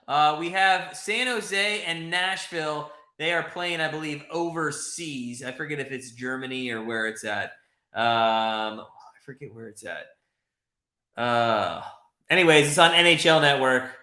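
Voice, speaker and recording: Excitable man hosting a game watch party. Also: fairly high pitch, measured pace, reverberant. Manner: excitable, chatty, swears, reads chat. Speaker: livestream host. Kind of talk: live watch-party commentary.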